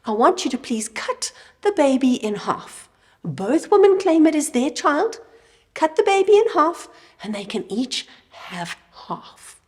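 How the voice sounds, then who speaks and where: A woman voicing a wise king who calmly weighs a dispute in a children's Bible story. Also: high-pitched, measured pace, long reverb tail, pitched above the performer's own voice. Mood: measured.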